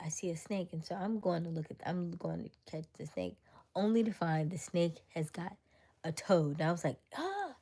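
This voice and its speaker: A woman from Florida hosting a livestream, telling a story in a chatty, animated way, jumping into high squeals when she quotes people. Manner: chatty with frequent fillers and restarts. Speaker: livestream host.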